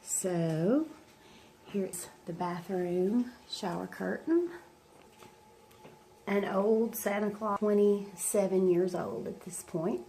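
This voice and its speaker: A woman's voice: mid-range voice, slow, warm tone, slight background noise. A woman in her forties with a stuffy head cold, chatting casually as she shows her home and rambles with a few ums. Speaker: homeschooling mom vlogger. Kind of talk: casual home-tour chat. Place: her own house, indoors.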